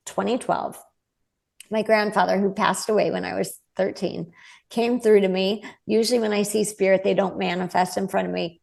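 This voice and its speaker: A woman's voice: medium pitch, vocal fry, darkish tone. A woman in her forties, a guest medium, telling her story earnestly in a casual interview and acting out the voices she quotes.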